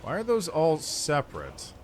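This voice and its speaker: A man's voice: on the high side, huge pitch swings, measured pace, darkish tone, a little hiss or hum. A man streaming a role-playing game, reading narration and chatting enthusiastically about the characters. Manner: enthusiastic, rambling. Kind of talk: casual gameplay commentary and narration.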